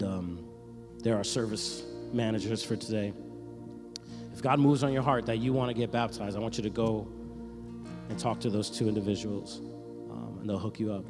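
A male pastor preaching a sermon with fervor, repeating phrases for emphasis. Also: on the low side. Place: church sanctuary. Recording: echoey church hall with music behind.

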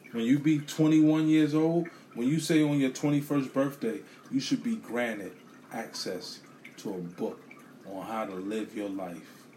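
Give me an animated man on a profane storytelling rant, middle-pitched, with a faint drip of water behind him. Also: slight background noise. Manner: animated, swears a lot, repeats himself.

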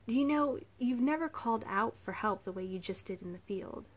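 A woman voicing a gentle, persuasive male prince in an audiobook, speaking softly and patiently. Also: on the high side, animated, a little fast. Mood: calm, persuasive. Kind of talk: audiobook character reading.

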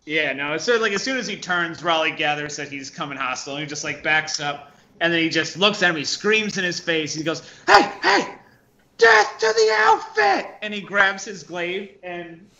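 A man's voice: fairly high pitch, a little fast, few pauses, sharp tone. A man playing in a tabletop game, playful and joking as he speaks for his character. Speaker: player. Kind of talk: casual tabletop role-play. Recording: muffled lo-fi audio.

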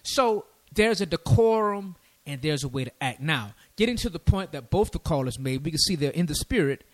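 A man hosting a call-in radio show and teaching from the Bible, animated, often repeating words to press a point. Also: fairly high pitch, normal speed. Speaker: radio call-in host and preacher.

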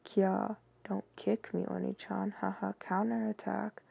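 A woman reading out the lines of a clingy anime little-sister girl in a deliberate monotone, with a gravelly, husky voice. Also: mid-range voice, lo-fi sound, heavily acted. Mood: flat monotone.

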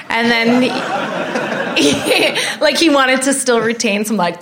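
Candid woman telling stories, middle pitch. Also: lively intonation, measured pace, a bit bright. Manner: candid, anecdotal storytelling. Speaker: comedian guest. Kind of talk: casual podcast chat.

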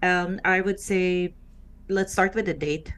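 Low-voiced Filipino woman, earnest. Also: fairly even intonation. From Philippines. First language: Filipino language. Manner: earnest, unhurried, with filler pauses. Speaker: former call center agent, guest. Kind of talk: conversational interview answers.

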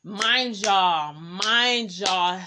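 A young woman with a Bay Area accent, hosting a podcast and telling a personal story in a candid, animated way, talking straight to her listeners. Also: mid-range voice, very slow, noisy background. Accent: San Francisco Bay Area. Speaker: podcast host. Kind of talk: casual storytelling.

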